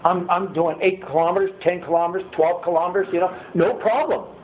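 A man's voice: high-pitched, fairly even intonation, fast talker. An older man sharing his story at a recovery meeting from a podium, rambling and chuckling at himself. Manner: rambling, chuckling, self-deprecating. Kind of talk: personal testimony to a group. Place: meeting room, speaking at a podium. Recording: tinny lo-fi line with faint hiss.

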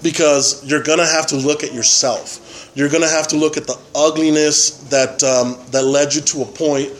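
Man, personal testimony, slightly high voice, halting with fillers, faint noise behind. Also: steady tone, poor audio. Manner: halting, many fillers and tag questions. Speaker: member sharing at a recovery meeting.

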